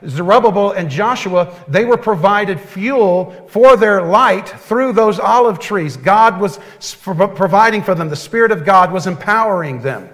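Earnest, higher-voiced preacher with hall echo. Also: male voice. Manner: earnest and folksy, dropping to a hush at tender points. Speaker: pastor. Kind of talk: sermon. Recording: long hall reverb.

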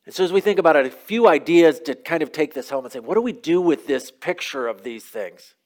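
A man's voice: a little high, animated, a little fast, darkish tone. A man preaching a sermon as pastor, retelling a scripture story in a casual, conversational way with offhand asides.

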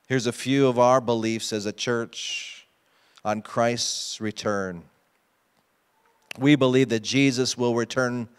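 A man's voice: medium pitch, fairly even intonation, takes it slowly, smooth. A pastor preaching a sermon to his congregation, emphatic and often asking them questions. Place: church sanctuary.

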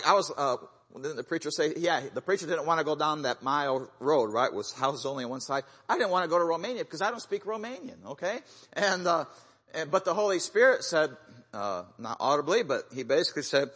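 A man's voice: a little high, expressive, fairly quick, fairly bright tone. Man telling mission stories in a reverberant church. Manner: folksy storytelling with frequent fillers and restarts. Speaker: guest missionary speaker. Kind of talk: sermon-style testimony. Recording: long reverb of a large church hall.

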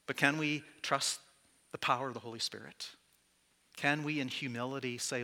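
A man's voice: medium pitch, fairly even intonation, measured pace, vocal fry, pauses often, pushed and bright. A man preaching as pastor to his church, candid and conversational, with self-deprecating asides. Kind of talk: sermon.

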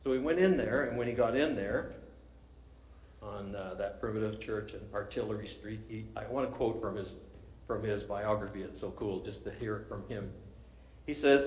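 A man's voice: fairly low pitch, normal speed, a little mellow, roomy sound, rough recording. A male pastor preaching a sermon, telling a story with animation and frequent chuckles.

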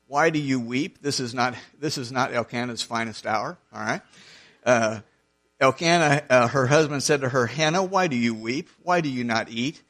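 A man's voice: medium pitch, a bit bright. A man preaching a sermon, reading scripture verse by verse and explaining it in an earnest, conversational way, often restarting his phrases.

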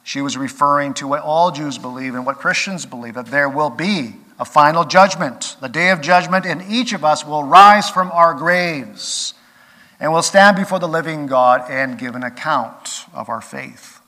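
Male pastor, sermon delivery, earnest with emphatic swells; slightly high, bright voice. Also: moderate pace. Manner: earnest, rising to emphatic peaks then dropping quiet. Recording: long reverb of a large hall.

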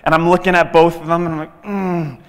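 Male guest preacher, somewhat higher voice, animated storyteller, long church reverb. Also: racing, clean tone. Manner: animated storytelling, acting out quoted dialogue. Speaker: guest pastor. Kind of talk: sermon.

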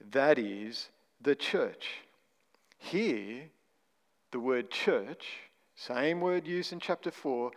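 Male pastor, mid-pitched, emphatic sermon delivery, hall reverb. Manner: emphatic, stresses single words, rhetorical questions.

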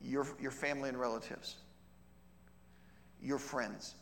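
A middle-aged man teaching as a missionary, in a conversational way, often checking in with "okay?" and acting out bits of dialogue with lively shifts of voice. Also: medium pitch, a little slow, gravelly, a little hiss or hum. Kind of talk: teaching session on outreach. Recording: long reverb of a large hall.

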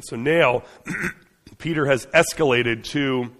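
A man's voice: medium pitch, fairly even intonation, unhurried, fairly bright tone. Man preaching in an echoing hall. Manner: conversational and earnest, with frequent restarts and fillers. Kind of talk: sermon.

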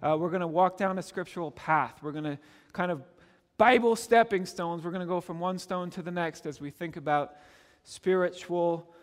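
A middle-aged male pastor from Canada delivering a sermon, earnest and conversational with touches of gentle humor. His voice sits notably high for a man. The sound carries a long reverb, as in a church hall. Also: normal speed. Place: church sanctuary.

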